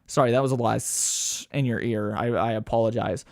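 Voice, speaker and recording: Here a young solo podcast host swears, mocks himself, and rambles through casual chat. He speaks fairly quickly in a gravelly, mid-range voice. The studio-quality audio has no echo, and he gets animated, doing impressions of people in a louder voice.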